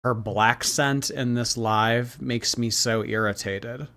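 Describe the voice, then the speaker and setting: Male streamer, chatty commentary host, mid-pitched voice. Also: steady tone, slow pace, pushed and bright. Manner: reacts to clips, thanks viewers by name. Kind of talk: casual livestream commentary.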